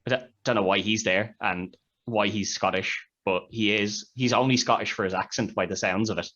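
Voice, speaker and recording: In a casual film review chat, a man co-hosting a podcast rambles while recounting the movie's scenes. His lowish voice has a sharp tone, and he keeps a steady delivery at normal speed. The recording is dull and lo-fi.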